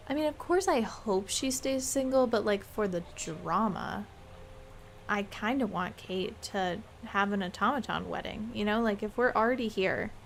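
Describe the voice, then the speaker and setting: Young woman game streamer, playful running chatter, gravelly edge to her voice. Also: medium pitch, slight background noise. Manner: chatty, playful, musing aloud. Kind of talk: live game stream chat.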